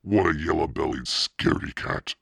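A man voicing a young girl in a haunted mask, calling out in a gruff, raspy, taunting way. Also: extremely low pitch, takes it slowly, no room sound, studio quality, full character voice. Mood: gleeful.

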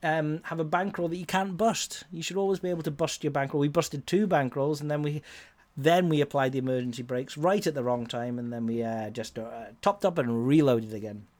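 A man's voice: a little high, fairly quick, a little mellow. A middle-aged man hosting a podcast, talking in a casual, rambling way with many fillers and restarts. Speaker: podcast host.

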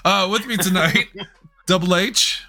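A man hosting a low-budget live comedy podcast, joking and laughing often. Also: measured pace, bright, forceful tone. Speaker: podcast host. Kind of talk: loose comedy podcast banter. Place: home studio, streamed live.

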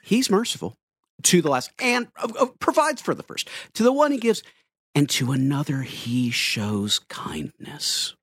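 A grand, showy megachurch pastor, as a man puts him on, rising high and dropping low on each phrase with wild, swooping pitch. He stretches the words in a slow sermon cadence. The sound is dry and close. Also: big pitch swings, a bit bright, no echo, heavily acted. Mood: preachy, grand. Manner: dramatic sermon cadence with sweeping pitch swings. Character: booming male megachurch pastor, theatrical.

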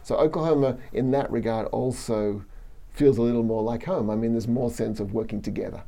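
A middle-aged Australian man with a strongly gravelly, dark and mellow voice talks in a loose, chatty way. As a professor in an interview he laughs often and breaks off to restart his sentences. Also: medium pitch, steady tone, brisk. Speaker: plant biology professor. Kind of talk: relaxed interview conversation.

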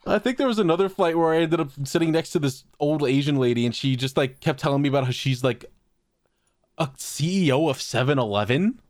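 A man's voice: a little high, lively intonation, brisk, a little mellow, no echo, clean studio sound. A man telling a story on a podcast, laughing often and swearing as he goes. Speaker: podcast co-host. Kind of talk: casual storytelling chat.

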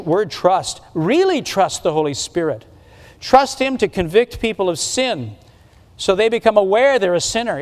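In a church sanctuary, a high-voiced pastor gives a sermon in an earnest, conversational style, often restarting his sentences. The recording carries the long reverb of a church hall.

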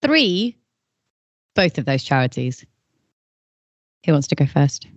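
Woman, quiz host, lowish voice, playful and bossy, dry lo-fi sound. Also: big pitch swings, takes it slowly, no echo. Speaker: podcast host and quizmaster. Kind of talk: casual podcast quiz.

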